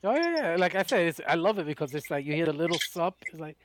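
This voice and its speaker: A man with a slightly higher voice trading playful, quick banter on a morning show. He jokes easily and laughs often. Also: big pitch swings, slight background noise. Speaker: show co-host. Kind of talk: casual radio banter.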